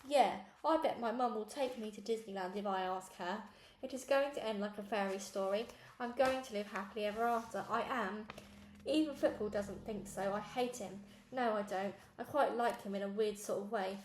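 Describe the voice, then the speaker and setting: A woman's voice: medium pitch, moderate pace, darkish tone. A woman reading a children's storybook aloud in a conversational first-person narration. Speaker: reader. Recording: echoey room, faint noise.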